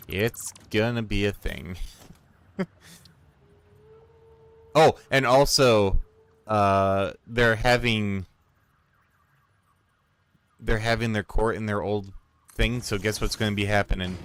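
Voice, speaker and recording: A man chatting casually and rambling while playing a game, swearing freely and getting excited. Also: on the low side, clear, resonant tone. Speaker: streamer and storyteller.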